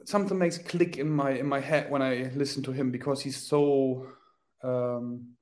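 A German man chatting in English, pausing often and restarting as he hunts for the right word. His voice sits at an ordinary middle pitch. He keeps it casual and unpolished as a podcast guest. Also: fairly even intonation, darkish tone. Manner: halting, searches for English words, many restarts. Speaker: guest athlete. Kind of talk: casual chat.

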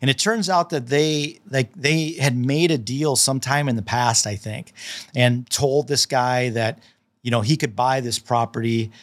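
Animated storytelling man, middle pitch. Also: measured pace. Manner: animated, acts out dialogue in the stories; repeats and restarts often. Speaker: land specialist. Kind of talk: casual storytelling in a podcast interview.

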